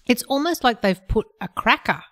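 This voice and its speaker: A woman's voice: a little high, lively intonation, normal speed, a bit bright, no room sound, clean studio sound. A woman co-hosting a casual podcast, wry and teasing, swearing casually as she talks. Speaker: podcast co-host. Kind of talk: casual chat.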